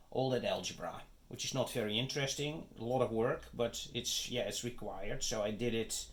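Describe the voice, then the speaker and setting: A man teaches calculus at an unhurried, slow pace. He walks through each step methodically and keeps pausing to check that his listeners are following. His pitch sits in a middle range for a man. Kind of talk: math lecture.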